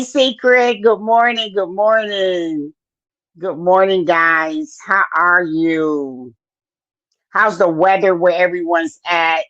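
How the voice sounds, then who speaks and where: A woman's voice: medium pitch, a bit bright, no room sound. A woman hosting a podcast live stream in a casual, chatty way, full of fillers and greeting viewers by name. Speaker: podcast host. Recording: dry, dull lo-fi sound.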